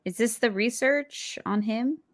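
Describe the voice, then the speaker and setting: A woman's voice: a little high, unhurried, dry recording, clean studio sound. A woman co-hosting a casual podcast, chatting animatedly and retelling scenes with acted quotes. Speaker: podcast co-host. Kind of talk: casual chat.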